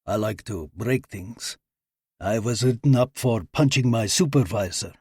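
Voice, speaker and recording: A man voicing a huge, blunt Russian immigrant who speaks slowly and low with a heavy Russian accent. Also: darkish tone, slightly rough, dry recording, clean studio sound. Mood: deadpan. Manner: slow, low, sneering.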